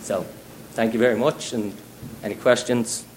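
A man's voice: medium pitch, steady tone, normal speed, darkish tone, a little hiss or hum. A man speaking as an applicant at a public hearing, earnestly asking for approval of his project. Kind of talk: public comment testimony.

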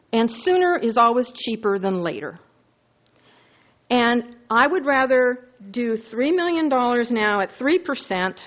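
A woman in her sixties speaking earnestly and emphatically as a board member at a public meeting, asking rhetorical questions. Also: on the high side. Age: 60s. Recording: dull lo-fi meeting recording.

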